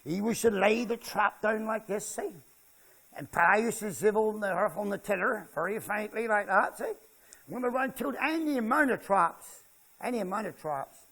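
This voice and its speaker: An older man with a West Country Devon accent speaks in a high, fairly bright voice. He's an author giving a festival talk to a seated audience, spinning jokey country stories and chatting with listeners, checking in with them to keep them involved.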